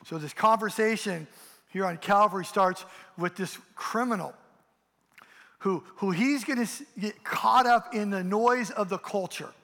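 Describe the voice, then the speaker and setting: A man's voice: high-pitched, measured pace, vocal fry, bright, forceful tone. A pastor preaching a passionate sermon, rising and falling as he drives his points home. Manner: impassioned preaching, acts out mocking voices. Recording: long hall reverb.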